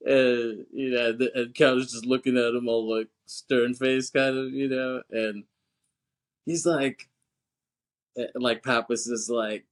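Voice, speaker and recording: A man in mid-pitch chats loosely through a movie recap on a podcast, stacking fillers as he goes. He laughs often and jumps into louder, higher voices to act out what the characters say. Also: flat delivery, slow pace. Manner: rambling, laughs a lot, acts out quotes in raised voices. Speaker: podcast co-host. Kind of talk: casual movie recap chat.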